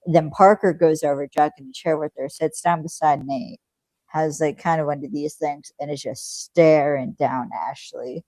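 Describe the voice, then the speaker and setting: Woman co-host, deep for a woman, laid-back rambling chat, dry close sound. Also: moderate pace, no room sound, poor audio. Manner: relaxed, rambling, swears casually. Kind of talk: casual chat reacting to a TV episode.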